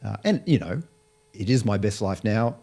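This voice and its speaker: A man's voice: on the low side, expressive, moderate pace, creaky, mellow. A man speaking as an interview guest, explaining his views in a thoughtful way with frequent restarts. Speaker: Bible college lecturer, guest. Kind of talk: conversational interview.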